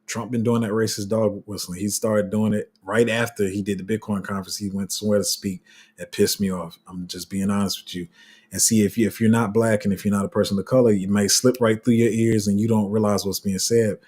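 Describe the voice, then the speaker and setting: A man hosts his crypto channel live, ranting with heat and passion and restarting his sentences often. His voice is fairly low and husky. He talks casually, straight to his viewers. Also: level tone, fairly quick, darkish tone. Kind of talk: casual livestream commentary.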